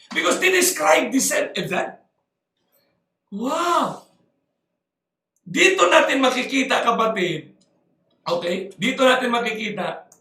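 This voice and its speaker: A man preaching a sermon, mixing Tagalog and English, slowing down to stress quoted verses and breaking into shouts. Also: very high voice, echoey room, far from the mic.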